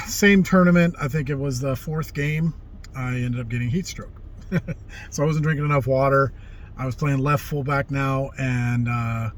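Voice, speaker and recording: A man's voice: mid-range voice, a little hiss or hum. Man rambling through old life stories. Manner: rambling, animated when quoting people. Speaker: vlogger telling life stories. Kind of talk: casual storytelling.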